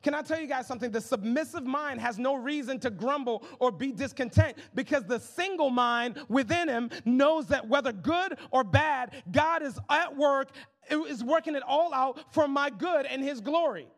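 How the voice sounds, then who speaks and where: A young man preaching a sermon as pastor, casual and humorous, calling the crowd y'all and swinging between soft asides and loud exclamations. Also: extremely high pitch, moderate pace. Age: young adult.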